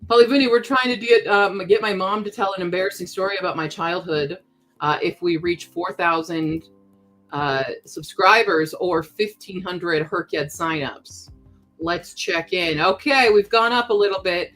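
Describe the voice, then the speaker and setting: A woman chatting casually on a live stream while she works, laughing often and answering chat in quick asides. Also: lowish voice, fairly bright tone, faint music behind.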